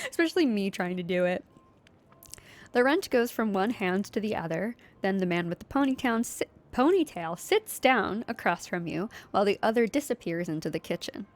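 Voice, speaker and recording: A woman's voice: mid-range voice, expressive, normal speed. A young woman with a Philadelphia accent, playing a story game, reading narration aloud with chatty, giggly asides. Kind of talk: casual game playthrough narration.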